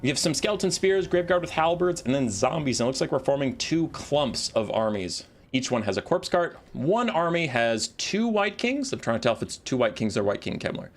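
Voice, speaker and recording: Animated, lively man casting a strategy game. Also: mid-range voice, fairly quick, hardly any pauses. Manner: animated, ranting, exasperated outbursts. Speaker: game caster. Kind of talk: casual commentary on a strategy game.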